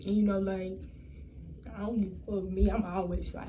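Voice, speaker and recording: A woman's voice: medium pitch, level tone, a little fast, dull audio, background noise. A young woman telling a personal story in a casual storytime vlog, blunt and profane, rambling and restarting her sentences. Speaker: vlogger.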